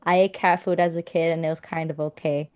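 A woman's voice: low voice, little pitch movement, brisk, a little mellow, no echo. A young woman chatting casually over quizzes, blunt and teasing, swearing freely. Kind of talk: casual chat doing online quizzes.

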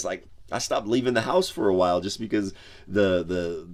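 A pastor talks through his faith in an easygoing podcast style, his voice sitting very low. He speaks in a loose, conversational way, padding his thoughts with "like" and "you know." The feel is of a man chatting rather than preaching from a pulpit. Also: brisk. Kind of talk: casual devotional podcast talk.

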